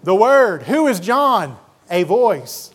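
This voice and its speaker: A man preaching a sermon as pastor in a church, earnest and slowing down to stress key words. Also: high voice, sing-song, slightly rough. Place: church sanctuary.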